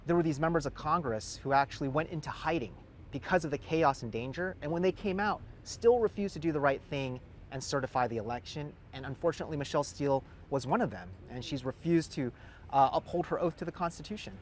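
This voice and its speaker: A man's voice: fairly high pitch, quick pace, a little hiss or hum. A man who is a congressional candidate, answering a news interview in a pointed, critical way.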